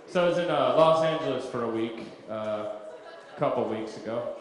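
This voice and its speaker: A man performing a stand-up comedy set on a club stage, telling stories in a deadpan way with absurd punchlines. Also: mid-range voice, fairly quick. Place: comedy club stage before a live audience. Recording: echoey club with crowd laughter. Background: audience laughter.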